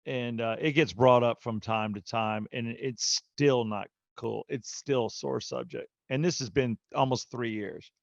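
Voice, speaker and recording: A man with a gravelly, creaky voice tells a casual story on a podcast. He leans into the quotes and gives each person in it an animated voice of their own. The sound is dry and a little dull. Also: medium pitch, unhurried, few pauses, no room sound. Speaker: podcast co-host.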